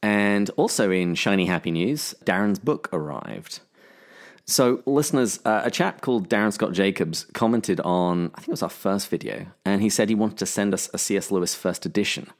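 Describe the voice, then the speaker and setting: A man's voice: on the low side, normal speed. A man co-hosting a podcast in casual chat, making dry jokes. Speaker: podcast co-host.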